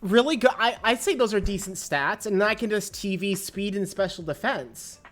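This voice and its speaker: A woman streaming a game live, chatting to her viewers and breaking into excited squeals and laughter. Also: medium pitch, moderate pace, faint music behind. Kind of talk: live gameplay stream chat.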